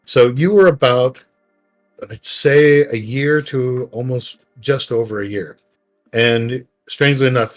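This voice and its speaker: A middle-aged man, a podcast co-host, telling a long family story in rambling, emotional casual chat. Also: mid-range voice.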